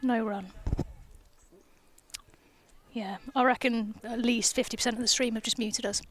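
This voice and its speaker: A woman's voice: on the high side, steady tone, unhurried, a little hiss or hum. A woman cricketer doing guest commentary on a live match from an outdoor gazebo, playful and teasing, on a headset mic. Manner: playful, teasing, giggly banter. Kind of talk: live sports commentary, casual chat. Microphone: headphones with mic.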